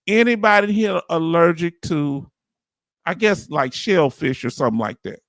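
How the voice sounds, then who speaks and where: A man hosting a livestream, talking casually and warmly straight to his viewers, often repeating himself for emphasis. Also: high voice, moderate pace, no room sound. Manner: animated, talks straight to viewers, repeats "let me tell you something". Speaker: livestream host.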